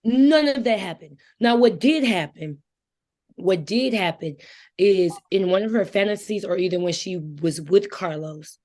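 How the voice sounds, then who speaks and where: A woman's voice: lowish voice, darkish tone. Emphatic woman in casual book chat. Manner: emphatic, quick to object. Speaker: guest co-reader.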